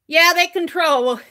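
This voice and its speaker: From a home craft room, an older woman streams her crafting live, chatting easily, reading viewers' comments out loud and laughing often. She has a very high, sharp-toned voice.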